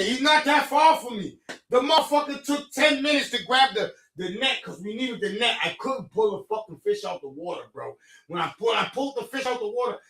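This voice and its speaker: Podcast storyteller, man, high bright voice, heated and profane, echoey room, off-mic. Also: far from the mic. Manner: profane, heated, accusing, swings between low mutters and shouting. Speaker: podcast host telling a story. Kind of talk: animated storytelling to a friend.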